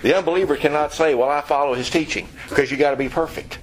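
A man's voice: on the high side, fast, a little hiss or hum, poor audio. A man preaching a sermon, emphatic and direct, often asking his listeners rhetorical questions.

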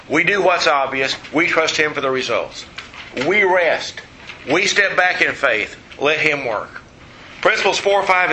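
A man's voice: fairly high pitch, sharp tone, slight background noise, rough recording. A man preaching a sermon, emphatic, asking his listeners questions and answering them himself. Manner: emphatic, asks the audience questions.

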